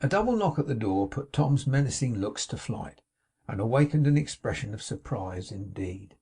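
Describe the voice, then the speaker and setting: A man with a husky, slightly breathy voice narrates a classic novel at a steady mid pitch. He lifts his voice brightly when characters grow excited, then settles back into even storytelling. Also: normal speed. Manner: reads dialogue with lively raised pitch for excited characters. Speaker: audiobook narrator.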